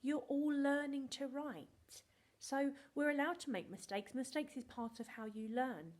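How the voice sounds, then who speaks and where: A woman's voice: sits high, a little slow, pitched above the performer's own voice. A woman doing her soothing, patient mum. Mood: reassuring. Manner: gentle, reassuring, calming.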